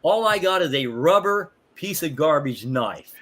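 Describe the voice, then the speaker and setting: A man's voice: fairly high pitch, a little slow. Rambling older man telling stories. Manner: rambling, animated, many fillers and restarts. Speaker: martial arts instructor, guest. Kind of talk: casual storytelling.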